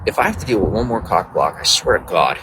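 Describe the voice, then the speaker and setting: A man's voice: fairly low pitch, sing-song, quick pace, noisy background. A man casually chatting on a live stream, greeting viewers by name in a loose, boastful, flirty way.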